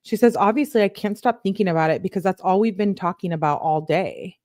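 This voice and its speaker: A woman's voice: mid-range voice, brisk, a little mellow, no echo, studio quality. A woman hosting a true crime channel, reading text messages aloud in a plain voice and breaking off for casual asides that lean on "like".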